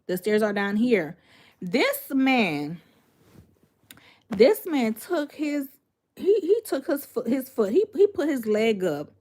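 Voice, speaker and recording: A woman vlogger casually telling a personal story to her viewers, animated and emphatic, repeating phrases and breaking off with asides. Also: on the high side.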